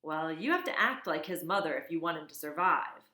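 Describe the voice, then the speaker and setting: A woman's voice: sits low, lively intonation, fairly quick, pushed and bright, reverberant. A woman voicing a fussy, stern old female goose who scolds and bosses. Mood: scolding. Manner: scolding, bossy.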